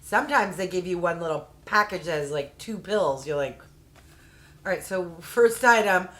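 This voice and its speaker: A woman's voice: lowish voice, expressive, moderate pace, fairly bright tone. A woman reviewing a beauty subscription box in a casual unboxing vlog, chatty and full of "like" and "um", with a heated, exasperated way of ranting. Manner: chatty, uses fillers like "like" and "um".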